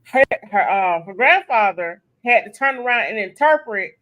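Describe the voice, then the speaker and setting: A woman tells a story with gusto during a casual podcast chat, punching her points and getting loud as she goes. Her voice sits in a middle range. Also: medium pitch, normal speed, lo-fi sound. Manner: animated storyteller, emphatic, loud peaks. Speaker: audiobook narrator.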